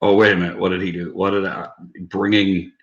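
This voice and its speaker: Hosting a casual late-night live stream, a man chats with viewers in the comments, rambling, swearing and laughing at his own lines. His voice sits low with little pitch movement and a fairly quick pace, the highs cut off, in an echoey room with faint background noise.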